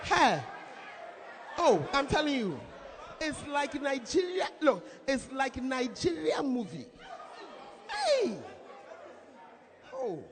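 A woman pastor preaching a sermon in a lively, shouting, laughing manner. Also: high-pitched, slow pace, pauses often. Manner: animated, shouts and laughs often. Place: church hall with congregation. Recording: reverberant hall, faint crowd.

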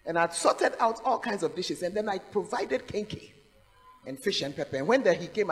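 A woman's voice: mid-range voice, normal speed, in a large hall, rough recording. A woman with a Ghanaian accent preaching a sermon in a large church, calling out to the congregation and laughing as she speaks. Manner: animated, calls out "Hey!", laughs while preaching.

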